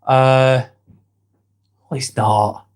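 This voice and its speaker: A man's voice: medium pitch, flat delivery, extremely slow, clean tone. A man hosting a casual live stream, reading viewer comments aloud, calling people mate and standing firm with trolls.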